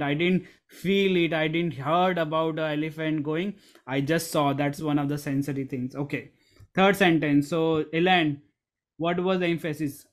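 A middle-aged man leads an online coaching session over a video call, speaking into a desk microphone. His voice sits a little high for a man, and he leans hard on key words, repeats his points and calls on people by name. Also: steady tone, unhurried. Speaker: storytelling coach. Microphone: desk USB microphone.

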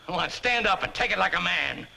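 A man's voice: high-pitched, animated, a little fast, vocal fry, background noise, exaggerated voice. An actor playing a tough man who goads a rival into a fight. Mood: taunting. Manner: taunting, goading.

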